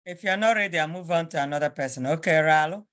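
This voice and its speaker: A firm, corrective teacher whose first language is Igbo runs an online class over a video call, pitched in a mid register. The teacher sounds out words slowly, letter by letter, and repeats corrections with little patience for delays. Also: a bit bright. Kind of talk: online class, spelling drill.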